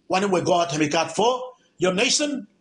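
High-voiced preacher. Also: male voice, lively intonation, moderate pace, a bit bright. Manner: repetitive, exhorting, with sudden emphatic rises. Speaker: preacher on Christian radio. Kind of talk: radio sermon.

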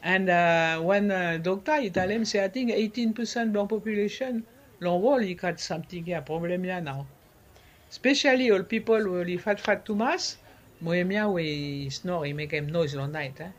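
A man, talking casually in an interview. He slips French words into his speech and pauses often to search for words. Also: high voice. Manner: searching for words, many fillers. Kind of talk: casual conversation.

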